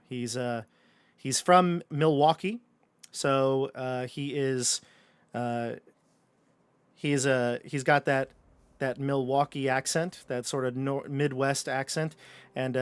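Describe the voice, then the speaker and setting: A man's voice: medium pitch, no echo. A man running a tabletop game as game master, narrating in a loose, conversational way with frequent fillers and restarts.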